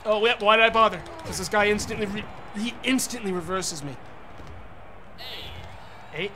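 A man's voice: high voice, normal speed, background noise. Frustrated, swearing young male streamer. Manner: profane, frustrated, yelling at the game. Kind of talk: gaming commentary.

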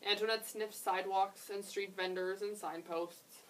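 A young woman, a children's librarian, reading a picture book aloud in a gentle, expressive way with chatty asides. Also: medium pitch, a little slow, distant mic, slight background noise, rough recording.

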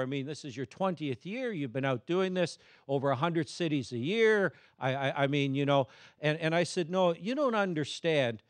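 Energetic male keynote speaker, dry sound. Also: on the high side, normal speed, dry recording. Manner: energetic, humorous, prompts audience responses. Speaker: motivational speaker. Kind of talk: keynote presentation to a live audience.

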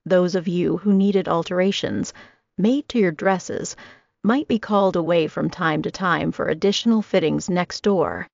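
A woman's voice: lowish voice, measured pace, creaky, a little mellow, no echo. Woman reading a cold domineering hostess. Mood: commanding. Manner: commanding, condescending. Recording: dry, slightly dull audio.

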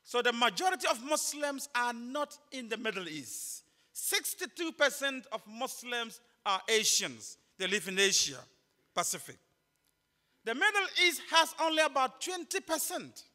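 A man's voice: extremely high pitch, sing-song, unhurried, bright, forceful tone. A man from northern Ghana with a Ghanaian accent, speaking emphatically at a chapel conference, repeating key points and joking with the students. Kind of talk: preaching lecture to students. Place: large chapel. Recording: long chapel reverb.

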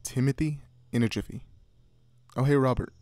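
A man voicing an excitable, protective middle-aged farmer father who gives firm orders. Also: mid-range voice, moderate pace, no echo, voice pushed up, close to an everyday voice. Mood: excited. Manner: excited, commanding.

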